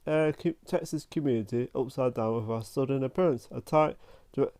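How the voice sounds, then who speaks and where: Rambling man with a mellow voice. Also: mid-range voice. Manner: rambling and halting, with frequent restarts and "like" fillers. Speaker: film reviewer. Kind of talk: casual spoken film review.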